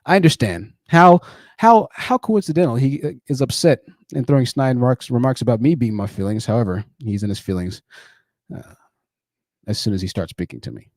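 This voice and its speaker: A man's voice: medium pitch, expressive, brisk, darkish tone, no echo, clean studio sound. A man hosting a live-streamed call-in show, combative and sarcastic, often repeating phrases for emphasis. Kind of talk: live stream commentary with callers.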